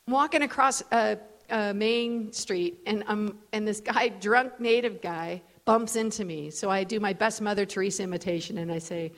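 A woman preacher giving a storytelling sermon in a casual, animated way, full of fillers. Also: mid-range voice, moderate pace, big-room sound. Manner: conversational, animated, many fillers. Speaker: preacher, guest speaker. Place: large event hall.

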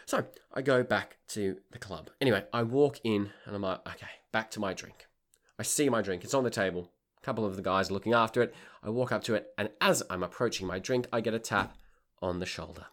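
A man, a tour leader and podcast host, telling a comic anecdote in a wry, exasperated and animated way. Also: fairly low pitch, fairly quick.

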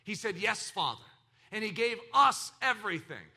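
A man preaching a sermon, swinging between loud exclaiming and hushed lines, with acted laughter and quoted voices. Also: sits high, big pitch swings, moderate pace, gravelly. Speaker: pastor.

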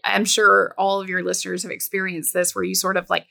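Bright, gravelly-edged woman telling her story. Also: mid-range voice, monotone, a little fast. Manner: candid, reflective, many "you know" fillers. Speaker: business coach, guest. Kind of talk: personal storytelling in interview.

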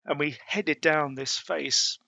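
A middle-aged man tells his story in a gravelly, slightly raised voice with a bright edge. He speaks haltingly, restarting phrases often. The sound is close and dry, with no room around it. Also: on the high side, steady tone, dry recording. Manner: halting, with many restarts and fillers. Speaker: mountaineer telling his story. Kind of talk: casual spoken storytelling.

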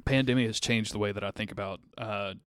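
A man's voice: on the low side, fairly even intonation, quick pace, smooth, dry recording, studio quality. A man co-hosting a podcast, talking in a rambling, hesitant way full of fillers. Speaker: podcast co-host. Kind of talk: casual chat.

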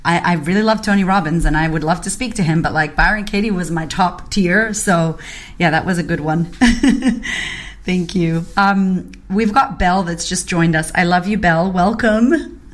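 This is an excitable woman from Boston who hosts a podcast and talks in a slightly low voice. She chats casually and swears freely. She tells stories with energy and acts out her own reactions. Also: normal speed. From Boston, United States. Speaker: podcast host. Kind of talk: casual chat, animated storytelling. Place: online audio chat room.

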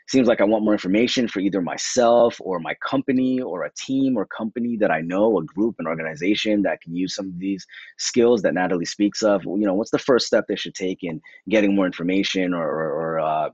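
A man's voice: sits low, darkish tone, slightly rough, dry recording, muffled recording. A man hosting an interview podcast, encouraging and full of praise, often restarting his words. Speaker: podcast host. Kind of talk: casual interview chat.

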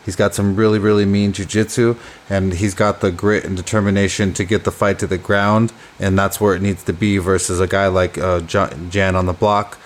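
A man's voice: low voice, flat delivery, normal speed, few pauses. A man co-hosting a casual podcast, talking about fighters with enthusiasm. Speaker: podcast co-host.

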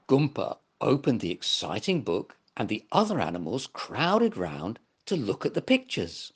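An older man reading a children's story aloud as host, very expressive. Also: medium pitch, unhurried, breathy edge. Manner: warm, very expressive read-aloud delivery.

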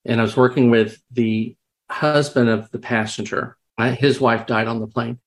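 A man's voice: medium pitch, steady tone, normal speed. A man sharing experiences in a reflective, conversational way, often restarting sentences and acting out quoted dialogue. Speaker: podcast guest, crisis responder. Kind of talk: conversational storytelling.

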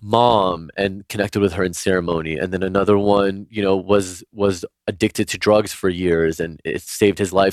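Deep-voiced man telling stories. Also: no room sound, studio quality. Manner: rambling, heavy use of "like". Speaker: podcast guest, spiritual healer. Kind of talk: casual storytelling.

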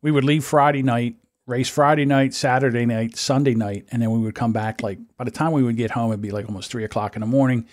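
A man, co-host of a podcast, telling stories in an animated, profane, casual way. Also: mid-range voice, quick pace, hardly any pauses. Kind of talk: casual chat.

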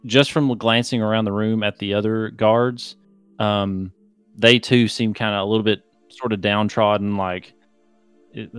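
A man's voice: lowish voice, clean tone, no room sound. A man narrating as game master in a tabletop game, rambling with lots of fillers.

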